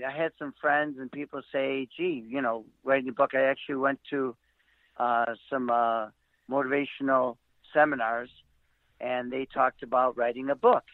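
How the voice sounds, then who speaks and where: A man's voice: mid-range voice, no room sound. Man telling stories over a tinny line. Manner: halting, many fillers and restarts, acts out quotes. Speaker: guest, comedian and author. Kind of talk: rambling anecdotal storytelling. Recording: tinny phone-like line, dry.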